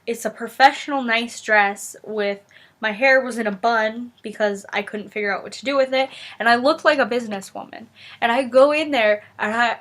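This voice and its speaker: A young woman vlogger with a fairly high, sharp voice rambles through a family story. Her casual talk is full of "like" and restarts, and she acts out what the people in it said.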